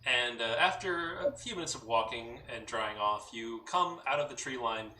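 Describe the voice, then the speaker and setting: A man narrates a tabletop game as its game master, relaxed and full of fillers. His voice is bright and forward. The sound is roomy, with him sitting back from the mic over a faint hiss. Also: mid-range voice, normal speed. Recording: roomy echo, mic at a distance, faint noise.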